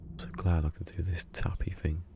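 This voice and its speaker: Streamer, man, deep gravelly voice, rambling muttered chat, faint background hiss. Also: little pitch movement, a little fast. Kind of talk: casual gameplay stream chat.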